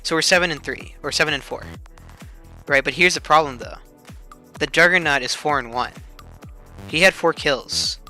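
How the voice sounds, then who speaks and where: A man's voice: a little high, normal speed, long pauses, pushed and bright, faint music behind. A young man casually talking over a match replay, swearing a lot, filling his talk with "like" and laughing often. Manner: loose and profane, heavy filler "like", laughs often. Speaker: streamer reviewing his team's match. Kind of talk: casual game replay commentary.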